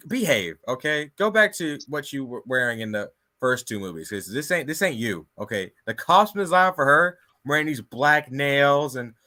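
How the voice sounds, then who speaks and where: Male podcast co-host, animated mocking rant, bright tone. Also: mid-range voice, moderate pace, few pauses, no room sound, studio quality. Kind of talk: casual movie rant.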